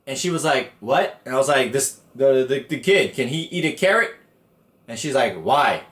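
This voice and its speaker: A man's voice: mid-range voice, lively intonation, normal speed, fairly bright tone. A man hosting a podcast, telling a story in casual, profane slang and acting out the people in it with a raised voice. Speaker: podcast host. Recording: echoey room.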